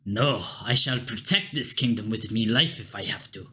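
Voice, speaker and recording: A man voicing a stern, armored male soldier with a Scottish accent and a gruff, formal manner. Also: fairly low pitch, normal speed, bright, forceful tone.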